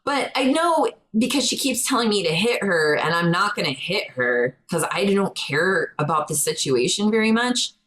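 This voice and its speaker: A young adult woman on a podcast co-hosting gig tells an animated story in casual conversation, raising her voice to act out quotes. She speaks at normal speed with few pauses, in a medium-pitched, fairly bright voice, on low-quality audio.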